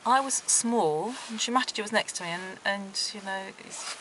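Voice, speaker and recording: A middle-aged woman, interviewed, recounting her dreams in a gentle, earnest way. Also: medium pitch, normal speed, slight background noise, rough recording. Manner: gentle, earnest storytelling with soft laughs.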